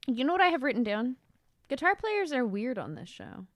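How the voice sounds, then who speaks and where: A woman's voice: high-pitched, big pitch swings, fairly quick, dry recording. A woman co-hosting a podcast, recapping a TV episode in casual chat with dry, teasing quips and frequent laughs. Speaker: podcast co-host.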